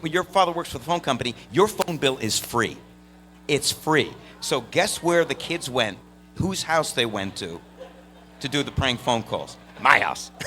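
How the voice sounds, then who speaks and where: A man on a convention panel, telling animated stories full of fillers and laughs. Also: fairly high pitch, slight background noise. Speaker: voice actor panel guest. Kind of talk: storytelling on a live convention panel.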